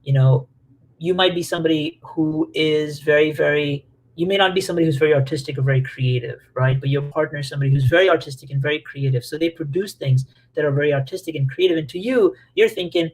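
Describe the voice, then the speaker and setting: A man leading a casual talk to a group about relationships, animated and chatty, with lots of fillers and playful acted-out quotes. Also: a little high, quick pace.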